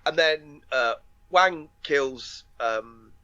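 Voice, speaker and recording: A man's voice: a little high, extremely slow, sharp tone, clean tone, no echo, muffled recording. A man co-hosting a podcast, retelling a film plot in casual chat with lots of fillers, restarts and laughter. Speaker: podcast co-host.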